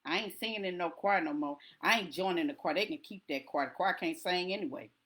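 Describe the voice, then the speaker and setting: A woman voicing a resentful churchgoer woman who mutters petty complaints in a much lower, quieter voice. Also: fairly quick, lightly acted. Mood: grumbling.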